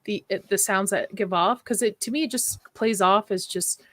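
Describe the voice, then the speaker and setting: A woman's voice: mid-range voice, normal speed, fairly bright tone, dry recording. A woman in a casual movie discussion, blunt and swearing casually.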